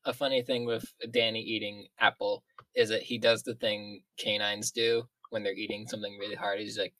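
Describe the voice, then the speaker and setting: A player chatting during a tabletop game, playful and quick to laugh. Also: medium pitch, flat delivery, fairly bright tone, no room sound. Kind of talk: tabletop role-play chat.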